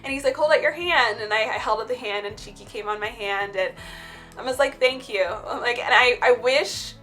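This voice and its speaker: A chatty woman shares heartfelt personal stories in a relaxed vlog. Her voice sits a little high and sounds bright and forward. She leans on casual fillers as she talks, with soft music playing faintly underneath. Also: a little fast. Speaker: spiritual vlogger. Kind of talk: casual chit-chat storytelling.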